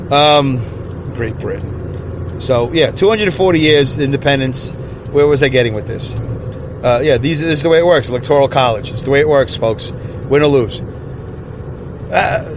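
A man's voice: fairly high pitch, slight background noise. An American man hosting a podcast alone in his car, rambling and joking with frequent chuckles. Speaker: podcast host. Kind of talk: solo comedic monologue podcast.

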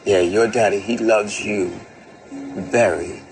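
An actor playing a father saying a halting, tender goodbye to his young son in a TV drama scene. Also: fairly low pitch, fairly even intonation, low-quality recording. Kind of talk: TV drama acting. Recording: TV clip with music score behind.

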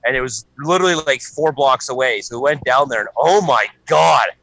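A Canadian man co-hosting a podcast, telling animated stories in casual chat and swearing often. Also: mid-range voice, fairly quick, creaky, rough recording. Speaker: podcast co-host.

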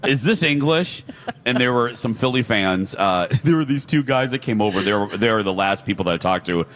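A man's voice: lowish voice, a little fast, a bit bright. A man co-hosting a live morning radio show from a hotel, chatting and telling stories with frequent laughs. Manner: chatty storyteller, laughs often. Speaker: radio co-host. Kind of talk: casual morning radio chat. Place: hotel lobby broadcast booth.

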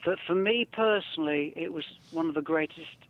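A man's voice: on the high side, fairly quick. A man with a Northern English accent chatting as a guest, effusive and a little theatrical. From north of England. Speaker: guest performer. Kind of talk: casual chat. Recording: dull lo-fi recording.

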